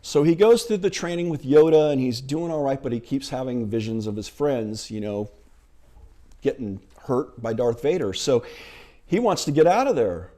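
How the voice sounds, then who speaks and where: A middle-aged male minister giving a sermon, retelling a film scene in an animated storytelling manner. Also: medium pitch, normal speed.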